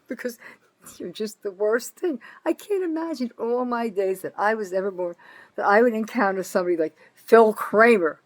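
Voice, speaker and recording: A woman's voice: expressive, moderate pace, poor audio. Angry older New woman ranting. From North Jersey, USA. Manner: bitter, profane, swings from loud outbursts to low muttering. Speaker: vlogger. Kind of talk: angry political rant to camera.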